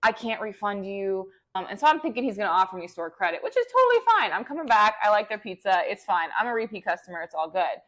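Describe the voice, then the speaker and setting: A woman's voice: medium pitch, fast talker, hardly any pauses. Young woman podcast cohost, chatty storytelling, acts out everybody in it. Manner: animated, acts out voices in her story. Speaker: podcast co-host. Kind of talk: casual storytelling chat.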